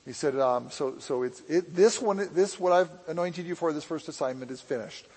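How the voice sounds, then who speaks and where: A man preaching and telling a personal testimony in a rambling, animated way, with a mixed, hard-to-place accent. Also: a little high, normal speed, husky, big-room sound, rough recording. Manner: rambling, self-interrupting, animated storytelling. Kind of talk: sermon testimony storytelling.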